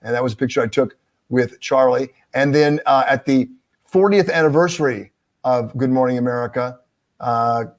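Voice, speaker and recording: A man who works as a TV news anchor, speaking as a guest on a video call and telling lively anecdotes. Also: medium pitch, moderate pace. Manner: animated storyteller, acts out dialogue. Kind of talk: casual video-call interview.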